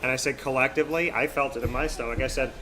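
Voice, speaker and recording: A man's voice: mid-range voice, steady tone, fast talker, pushed and bright, soft background music. A man hosting a live radio show, chatting casually and teasing in a playful way. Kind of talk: casual chat. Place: outdoors at a cafe drive-thru.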